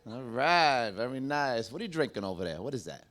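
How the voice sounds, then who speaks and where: A middle-aged man performing stand-up on a club stage, loud and brash as he works the room. His voice sits at an ordinary pitch, and he keeps the banter rolling with jokes. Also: sing-song, brisk. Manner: brash, crowd-working, joking delivery with frequent laughs. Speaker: stand-up comedian. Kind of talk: stand-up comedy set.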